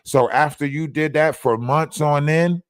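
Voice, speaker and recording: A man's voice: on the high side, a little slow, clear, resonant tone, dry recording, studio quality. A man hosting a livestream, ranting in a repetitive, confrontational way, often asking "you know what I mean". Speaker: livestream host. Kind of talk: rambling livestream rant.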